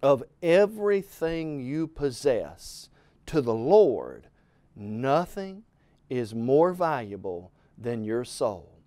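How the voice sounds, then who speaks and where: A man's voice: mid-range voice, big pitch swings, slow, mellow, no room sound. A middle-aged man preaching a televised Bible lesson in an earnest, emphatic way, calling the listener "friend" and swelling in volume.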